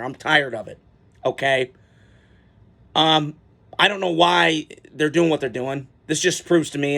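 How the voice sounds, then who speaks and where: A man ranting casually about his football team, excitable and rambling, with fillers and swearing. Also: a little high. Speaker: sports vlogger. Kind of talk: casual fan reaction rant.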